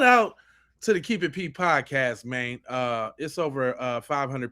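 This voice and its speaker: A man hosting a live podcast, reacting to clips with loud mocking outbursts and slangy banter. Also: medium pitch. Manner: quiet rapid aside to viewers. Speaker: podcast host. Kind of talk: live-stream reaction commentary.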